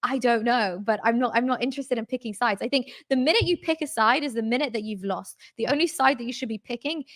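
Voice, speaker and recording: A woman's voice: fairly high pitch, fast, hardly any pauses. A woman guest in casual talk, speaking emphatically with strings of rhetorical questions.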